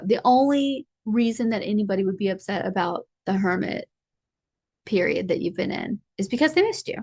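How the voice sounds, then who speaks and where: A woman's voice: mid-range voice, gravelly, a little mellow, no echo, dull audio. A woman giving a casual collective tarot reading, chatty and rambling, with a playful streak. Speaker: tarot reader.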